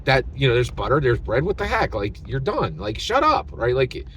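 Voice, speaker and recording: A man's voice: mid-range voice, normal speed, a little hiss or hum. A man hosting his channel, telling a story as a rant and tagging his sentences with "right?". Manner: animated, tags sentences with "right?". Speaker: channel host.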